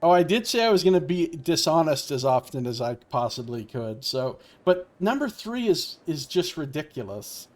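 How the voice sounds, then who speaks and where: A man's voice: fairly high pitch, sing-song, moderate pace, hardly any pauses. Chatty man commentating a game. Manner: chatty, musing. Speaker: let's play commentator. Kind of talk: live-streamed gameplay commentary.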